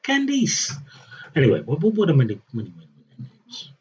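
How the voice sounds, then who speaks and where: A man talks his way through a strategy game stream, joking at his own expense and chatting to nobody in particular. His voice is husky, and the stream audio sounds muffled and lo-fi. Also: medium pitch, very animated, fast talker, dark tone. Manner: wry, self-mocking, chatting to himself. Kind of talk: rambling live-stream commentary.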